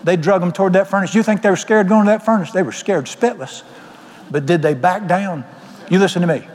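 A man's voice: high-pitched, brisk, darkish tone. A man with a Southern US accent, preaching a sermon as pastor with folksy, emphatic storytelling in a church sanctuary. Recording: long reverb of a large hall.

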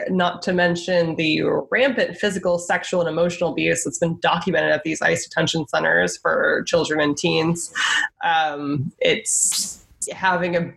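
A woman's voice: lowish voice, vocal fry, fairly bright tone. A woman co-hosting a podcast, giving casual political commentary in a sarcastic, profane, chatty way. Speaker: podcast co-host.

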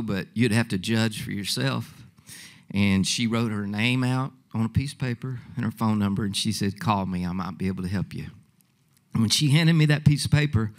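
Folksy low-voiced man telling a story. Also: a bit bright. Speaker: songwriter telling his story. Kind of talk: storytelling testimony.

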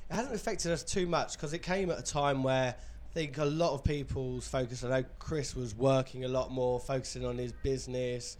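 A man's voice: medium pitch, steady tone, moderate pace, a little mellow. A man, a band singer who also works in law, chatting casually and rambling with restarts. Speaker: band singer and legal professional. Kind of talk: casual podcast chat.

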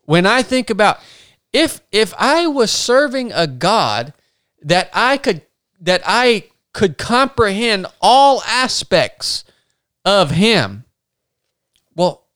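A man's voice: high-pitched, very animated, slow pace, a bit bright, clear, resonant tone, no echo, clean studio sound. A man hosting a faith podcast, speaking earnestly and encouraging his listeners directly. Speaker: podcast host.

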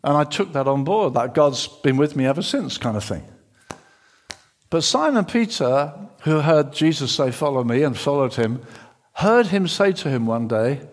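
A middle-aged man preaches with a husky, somewhat high voice that rises and falls in lively swings. His sermon is dramatic, moving from urgent, loud passages to near-whispered ones as he acts out the story. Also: moderate pace.

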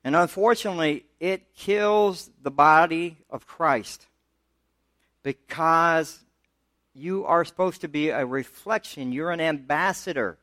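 Preaching pastor, plain dry sound. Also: male voice, slow, a bit bright, no room sound. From United States. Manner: conversational preaching, rising in pitch when pressing a point. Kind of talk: sermon.

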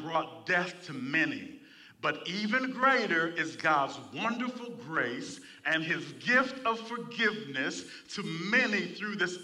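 Bright, high-voiced preaching man. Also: recorded from a distance. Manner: preaching with call-and-response to the congregation. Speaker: pastor. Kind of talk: sermon. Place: church.

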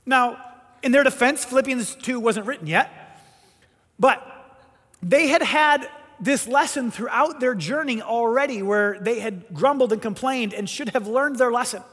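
A man preaching a sermon, telling a story with animated, emphatic delivery and voiced quotes. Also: extremely high pitch, measured pace, slightly rough. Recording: long hall reverb.

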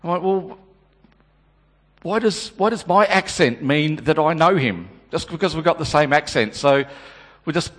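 A man's voice: mid-range voice, moderate pace, natural voice. A man performing a dramatic monologue as a remorseful male disciple, stammering and repeating his words. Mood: agitated. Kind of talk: dramatic first-person monologue. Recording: long hall reverb.

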